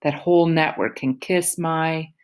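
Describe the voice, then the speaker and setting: A relaxed, joking middle-aged father talks in loose slang, read by a woman. His voice sits low and unhurried. He is the easygoing dad of an audiobook family. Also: smooth. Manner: easygoing, teasing, casual slang.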